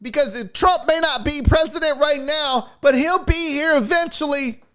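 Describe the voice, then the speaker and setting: A man putting on the voice of a bossy, self-important drunk woman who scolds in a shrill, condescending tone. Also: normal speed, pushed and bright. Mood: bossy scolding.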